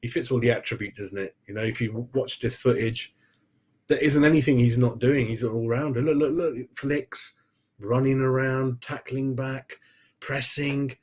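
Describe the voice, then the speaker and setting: A rambling man, mid-pitched, talks casually on a live stream. He chats loosely with his viewers, laughs easily and keeps calling them mate. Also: fairly even intonation, normal speed, a little mellow. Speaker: football fan channel host.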